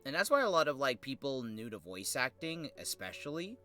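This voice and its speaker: A male streamer chatting over his gameplay, his voice bright and bouncing animatedly up and down. He rambles and hesitates with plenty of fillers, tired and slurring slightly from a sore tongue. Faint game music runs behind him. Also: mid-range voice, sing-song, brisk. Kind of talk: casual livestream commentary.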